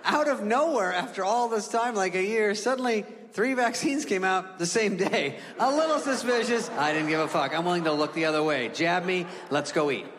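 A man's voice: high-pitched, normal speed, few pauses, fairly bright tone. A man from California doing a stand-up comedy set, exasperated and profane. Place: comedy stage before an audience. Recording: reverberant hall with laughing crowd.

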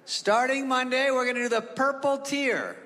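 A man's voice: extremely high pitch, normal speed, sharp tone, long reverb tail, voice pushed up. A man imitating a pompous male governor reading out reopening plans in a formal, official tone.

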